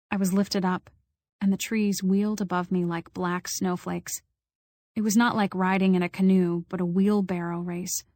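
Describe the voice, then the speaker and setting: A woman's voice: medium pitch, darkish tone, no room sound. A woman narrating an audiobook, reading prose and acting out quoted voices with small shifts. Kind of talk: scripted narration.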